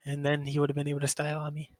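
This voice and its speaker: A man's voice: fairly high pitch, completely flat delivery, rapid-fire, a little mellow, no echo, faint music behind, poor audio. A man, a team player, bluntly explaining his winning game in a casual interview.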